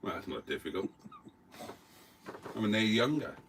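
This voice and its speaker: Older male co-host for a casual live stream: bright, animated and wry, pokes fun at himself. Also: fairly low pitch, normal speed, a little hiss or hum. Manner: wry, self-mocking banter. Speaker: co-host reading viewer comments.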